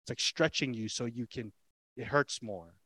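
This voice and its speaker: A man's voice: mid-range voice, normal speed, pushed and bright. A man preaching a sermon as pastor, telling the story with dramatic emphasis, rhetorical questions and repeated lines. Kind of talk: expository sermon.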